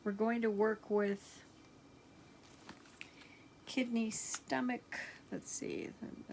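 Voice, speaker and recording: A woman teaching energy healing, slowly reading out affirmations in a gentle, unhurried way with many pauses. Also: a little high, steady tone, creaky, slight background noise. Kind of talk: slow guided healing affirmations.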